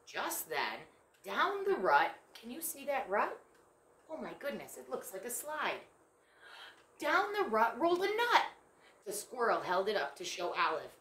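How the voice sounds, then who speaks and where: A woman reading a picture book aloud to children, lively and animated, stopping to ask the young listeners questions. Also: a little high, measured pace. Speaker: storyteller. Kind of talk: children's story read-aloud. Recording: echoey room.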